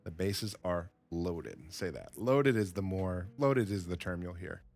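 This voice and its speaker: Slow-talking man teaching simple English. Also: deep voice, gravelly, faint music behind. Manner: repeats words, reacts with excitement to the play. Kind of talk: slow, simple English lesson over game footage.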